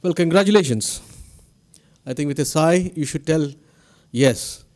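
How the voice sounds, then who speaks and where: Indian english guy doing a graduation speech, slightly high voice but warm and mellow, throws questions at the crowd. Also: unhurried. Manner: addresses the audience directly with questions. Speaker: institute director giving a convocation address. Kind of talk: formal commencement speech. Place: ceremony hall at a podium microphone.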